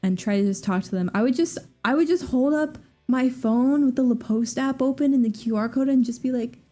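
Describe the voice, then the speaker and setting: A woman in her twenties with a Southern US accent, chatting casually on a livestream in a fast, rambling, animated way with lots of fillers and restarts. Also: high voice, faint music behind. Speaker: streamer.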